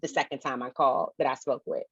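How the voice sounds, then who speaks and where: A woman's voice: rumbling low, sing-song, fast talker, fairly bright tone, slightly rough, dry recording. A woman co-hosting a podcast, telling a complaint story in blunt casual chat, swearing freely and acting out the calls. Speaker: podcast co-host. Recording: dull, dry, slightly lo-fi.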